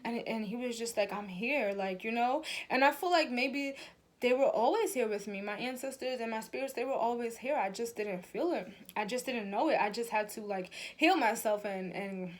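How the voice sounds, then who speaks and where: Chatty woman with a high voice. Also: moderate pace. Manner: chatty, emphatic, swears freely, addresses viewers as y'all. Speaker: spiritual reader and vlogger. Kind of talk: casual spiritual talk to camera.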